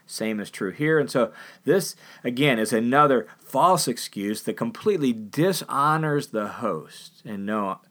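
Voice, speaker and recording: A man's voice: medium pitch, fairly bright tone. A man preaching a conversational sermon, chatty and emphatic, often tagging on "you know" and "right?".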